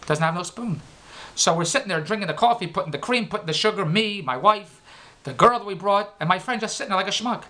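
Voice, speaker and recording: A man's voice: sits high, animated, quick pace, bright, forceful tone. A man in his fifties telling a rambling comic story, repeating himself and making wry self-mocking asides.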